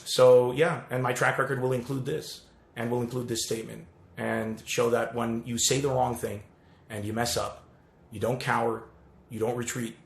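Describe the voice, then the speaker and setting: A male comedian talks straight to his followers in an earnest, rambling, apologetic way. His voice sits at an ordinary mid pitch. It is self-recorded, and the room gives it a noticeable echo. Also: level tone, normal speed, gravelly. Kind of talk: casual apology video to followers. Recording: roomy echo.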